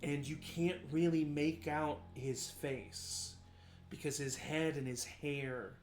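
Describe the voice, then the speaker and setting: A man narrating a tabletop role-playing game as game master, describing scenes in a slow, measured, atmospheric way. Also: on the high side, fairly even intonation, reverberant, slight background noise. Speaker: dungeon master.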